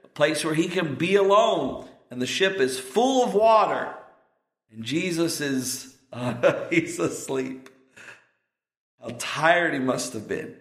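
Slow, earnest male preacher in an echoey hall. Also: on the high side, fairly bright tone. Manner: slow, earnest preaching with rising emphatic peaks. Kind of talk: sermon. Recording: roomy echo.

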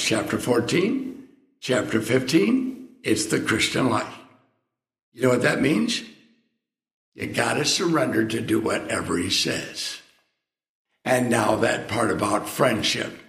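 A man's voice: mid-range voice, fairly bright tone. Emphatic preaching man, echoey room. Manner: emphatic, conversational preaching with rising exclamations. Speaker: pastor. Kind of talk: sermon.

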